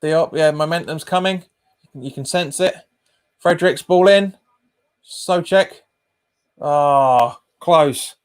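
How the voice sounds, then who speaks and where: This man's voice is on the high side and smooth, delivered slowly with long pauses. During his live football watch-along stream he calls passes, reads the chat, talks casually with viewers and often repeats himself.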